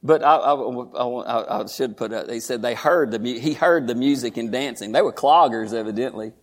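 A man preaching a sermon in church, moving from quiet asides to shouted, high-pitched storytelling. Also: moderate pace. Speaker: pastor.

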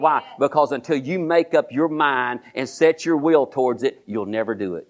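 A man's voice: medium pitch, brisk, few pauses. An older pastor delivers a sermon, circling back over phrases and asking listeners to repeat after him. His sentences stop and restart often. The recording is dull and lo-fi. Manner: repetitive call-and-response preaching with many restarts.

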